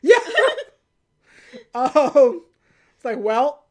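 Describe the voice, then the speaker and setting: A woman hosting a podcast, casually retelling a film plot and quickly acting out the characters' lines. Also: medium pitch. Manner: animated retelling with quick put-on quotes. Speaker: podcast host. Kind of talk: casual movie recap chat.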